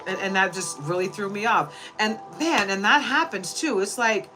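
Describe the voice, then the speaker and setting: A woman's voice: mid-range voice, normal speed, low-quality recording. Earnest woman talking over music. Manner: rambling, earnest, often asks "you know?". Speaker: spiritual reader. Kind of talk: casual heartfelt monologue.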